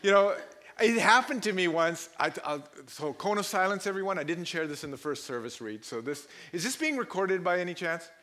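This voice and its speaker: A man's voice: high voice, animated, fairly quick, sharp tone. A man preaching a sermon to a live congregation, telling personal stories, laughing often and mimicking voices. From Pakistan. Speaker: pastor.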